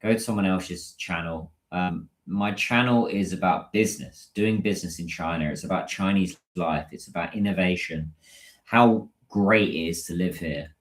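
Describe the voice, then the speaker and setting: A man's voice: deep voice, moderate pace, reverberant. A British man hosting a casual livestream, chatting and answering viewers' comments as they come in. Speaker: livestream host.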